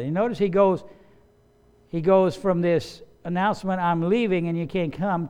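A male pastor preaches in a high, clear voice. His delivery is emphatic, and he drives points home by repeating key phrases. He breaks into quoted voices to act out scenes. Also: a little mellow. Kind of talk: sermon.

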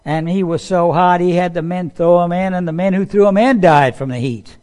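This sermon comes from a man with a high voice and a darkish tone, speaking at normal speed. He chats with his listeners conversationally, acting out quotes and putting questions to the audience.

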